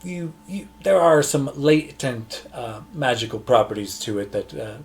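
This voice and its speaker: A man running an online tabletop game as game master, talking in a loose, relaxed way with lots of fillers and restarts. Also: mid-range voice, unhurried. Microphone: online session mic.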